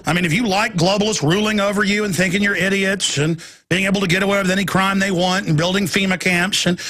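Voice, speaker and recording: A man rants through a talk radio monologue, his voice pitched high and a little husky. He pushes hard with a sharp, forceful edge, repeating phrases and stumbling into restarts. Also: fairly even intonation, quick pace. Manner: intense and ranting, with repeated phrases and stammered restarts.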